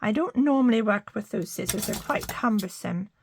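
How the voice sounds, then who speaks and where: A woman's voice: mid-range voice, lively intonation, moderate pace, a little hiss or hum. An older woman chatting through a card-making tutorial, talking to her viewers and murmuring little asides as she works. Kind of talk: casual craft tutorial.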